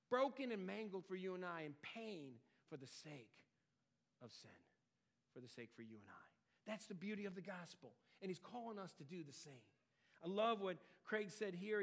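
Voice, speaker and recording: A man preaching a sermon, earnest, swelling louder and dropping quiet for emphasis. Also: lively intonation, moderate pace, gravelly. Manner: earnest, rises and falls in pitch and loudness for emphasis. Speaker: pastor.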